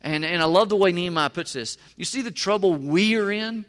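A man preaches in a high, bright voice. He drives each point home with repeated phrases and questions to the congregation. His voice rings out in a long echo. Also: a little fast. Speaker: pastor. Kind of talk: sermon.

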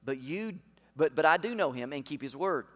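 Male pastor, slightly high voice, preaching emphatically in a reverberant church sanctuary. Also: animated, moderate pace, fairly bright tone. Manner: emphatic, rhetorical questions to the congregation. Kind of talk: sermon. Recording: long hall reverb.

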